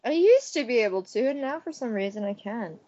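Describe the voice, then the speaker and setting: Giggly young woman, lively high voice. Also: brisk, no room sound. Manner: giggly, self-mocking. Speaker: podcast co-host. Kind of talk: casual chat, trying voice impressions. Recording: dull lo-fi home mic, dry.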